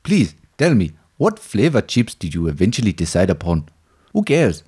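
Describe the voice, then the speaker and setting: A man voicing a polite, baffled man who keeps apologizing as he asks about some chips, with a husky voice. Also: fairly low pitch, huge pitch swings, moderate pace, darkish tone, full character voice. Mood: puzzled polite. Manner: courteous, more and more apologetic.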